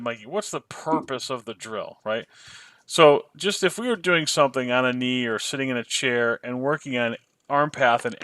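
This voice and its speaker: A man co-hosting a podcast, talking in an emphatic, exasperated and animated way. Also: medium pitch, dry recording. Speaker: podcast co-host. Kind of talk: casual podcast discussion.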